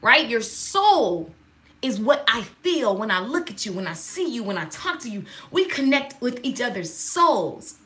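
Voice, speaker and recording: Sassy woman doing a devotional, high bright voice, lots of come on somebody. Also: unhurried. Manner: sassy, animated, call-and-response. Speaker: speaker giving a devotional talk. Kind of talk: casual devotional talk.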